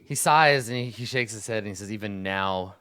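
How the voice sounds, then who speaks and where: A man's voice: mid-range voice, fast talker, sharp tone, no room sound, clean studio sound. A man acting as game master, narrating a tabletop game with hesitant fillers.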